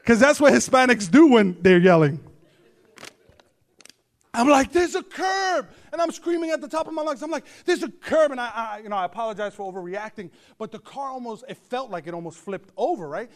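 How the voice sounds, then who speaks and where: A man pastor delivering a humorous storytelling sermon to his congregation, animated with joking asides and bursts of shouting. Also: very high-pitched, brisk. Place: church service before a congregation.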